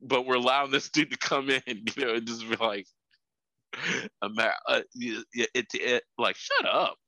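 Bright-voiced man, rambling casual chat. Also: medium pitch, normal speed, no room sound, rough recording. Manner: rambling, repeats words, laughs often.

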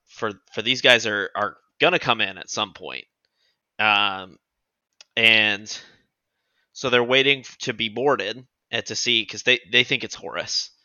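A man's voice: lowish voice, pushed and bright, dry recording. A man co-hosting a podcast, animatedly retelling a novel in casual chat, acting out quotes and swearing freely, on a dull lo-fi recording. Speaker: podcast co-host.

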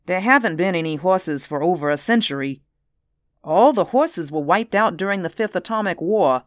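A woman voicing a big, suspicious man in uniform who speaks crisply and demands answers. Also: on the low side, expressive, normal speed, no echo, studio quality, close to an everyday voice.

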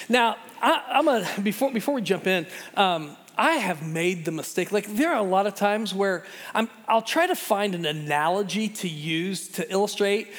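Middle-aged man, pastor, earnest conversational sermon, fairly high voice, long church reverb. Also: normal speed, hardly any pauses, fairly bright tone. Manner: earnest and conversational, self-deprecating humor. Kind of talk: sermon with opening prayer. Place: church sanctuary.

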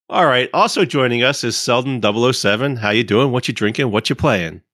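A man's voice: medium pitch, expressive, moderate pace, a bit bright, no echo, clean studio sound. A man hosting a gaming podcast, chatting casually and teasing his guests. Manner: joking, teasing. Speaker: podcast host.

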